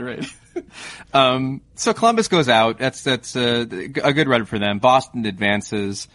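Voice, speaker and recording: A man's voice: mid-range voice, expressive, a little slow, a bit bright. A man hosting a hockey podcast, talking casually and thoughtfully, with frequent fillers as he builds his points. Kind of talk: casual sports chat.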